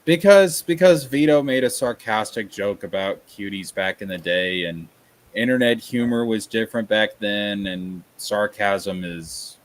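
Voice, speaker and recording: A man's voice: fairly low pitch, measured pace. A man from Tennessee, chatting casually on a livestream, ranting and reading chat aloud. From Tennessee, USA. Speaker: streamer.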